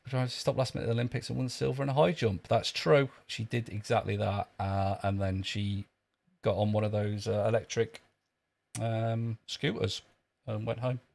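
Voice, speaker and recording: Man, gravelly voice, dry sardonic jokes, casual streamer chat. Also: fairly low pitch, flat delivery, normal speed, darkish tone. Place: outdoors in a long queue.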